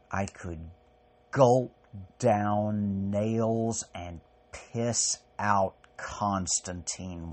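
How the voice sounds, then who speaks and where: A man delivering a personal spoken essay as a podcast host, halting and raw, with long pauses and swearing. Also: low voice. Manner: raw and profane.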